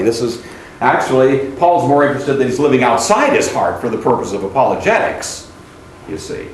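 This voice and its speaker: A man's voice: mid-range voice, normal speed. A man lecturing a class, calling on students by name and now and then mocking the ideas he quotes. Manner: animated, calls on students by name; mocking singsong when quoting shallow hymns. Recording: echoey classroom with faint ambient noise.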